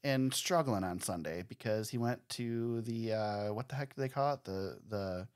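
A man hosting a podcast in casual chat, easygoing and quick to laugh. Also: lowish voice. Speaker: podcast host.

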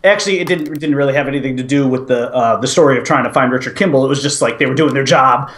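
A man's voice: medium pitch, very fast, fairly bright tone, a little hiss or hum. A man co-hosting a casual movie chat, rambling enthusiastically and often laughing. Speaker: co-host.

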